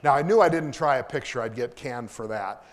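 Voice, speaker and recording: A man from Kansas gives a public lecture as an engineer. He mixes enthusiastic explanation with self-deprecating humor and quick asides, in a mid-range voice. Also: medium pitch. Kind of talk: lecture with anecdotes. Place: lecture hall.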